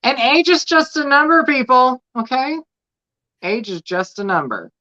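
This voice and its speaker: A man joins a casual chat as co-host, animated and joking, his voice bright and full of swoops in pitch. His audio comes through dull and lo-fi, as if from a remote feed. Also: unhurried.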